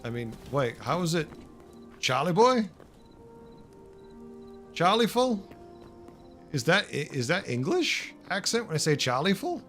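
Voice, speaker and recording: A man with a Boston accent streams a building game, chatting casually and talking to his viewers in chat. His voice is on the high side, sing-song and fairly bright, at normal speed, over soft background music.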